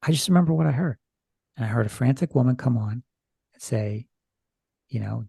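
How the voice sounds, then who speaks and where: A man's voice: medium pitch, fairly quick, vocal fry, pauses often, dark tone, breathy edge, no echo, studio quality. A man who is a podcast guest, retelling a strange experience from his notes in a rambling, hesitant, casual way. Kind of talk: casual storytelling chat.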